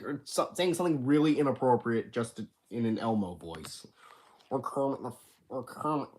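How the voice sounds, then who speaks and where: A man's voice: medium pitch, a little mellow, a little hiss or hum. Rambling teenage boy streaming from his bedroom. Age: teens. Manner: rambling, halting, many restarts. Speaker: livestream host. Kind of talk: casual livestream chat.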